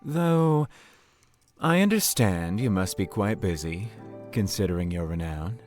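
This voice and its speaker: A man voicing a polite, flirtatious male town official in a video game, smooth and persuasive. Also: fairly low pitch, expressive, measured pace, over music. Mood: courteous.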